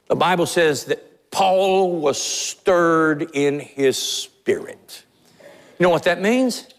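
A middle-aged pastor preaching with a high-pitched, urgent voice that climbs and drops for emphasis. His words ring out through the long reverb of a large church sanctuary. The delivery is fervent and sermon-styled. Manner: impassioned, rising and falling emphasis.

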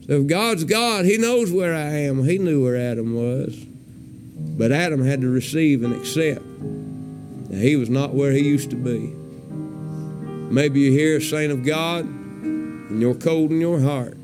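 A man preaching a sermon in a folksy way, swinging from low murmurs to high, loud cries. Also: unhurried, long pauses, soft background music. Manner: folksy, colloquial phrasing.

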